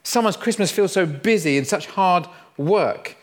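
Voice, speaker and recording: A man's voice: sits high, expressive, moderate pace. A middle-aged man, preaching a humorous sermon in a playful, self-mocking storytelling way. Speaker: pastor.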